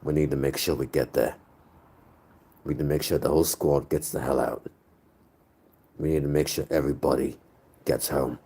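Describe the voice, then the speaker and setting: A man doing a gruff squad leader with a British accent. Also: very deep voice, steady tone, normal speed, long pauses, warm tone, heavily acted. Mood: determined.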